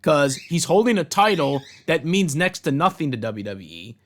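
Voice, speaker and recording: A man with a rather high voice delivers a heated, profanity-laced rant. He keeps circling back to the same complaints, stressing each with blunt, repetitive outbursts. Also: lively intonation, normal speed, fairly bright tone. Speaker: wrestling commentator ranting on his channel. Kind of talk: angry rant.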